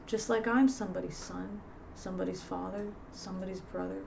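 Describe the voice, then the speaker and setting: A woman's voice: medium pitch, a little fast, gravelly, background noise. Woman telling a casual livestream story. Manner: conversational, frequent restarts and fillers, animated. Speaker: livestream host.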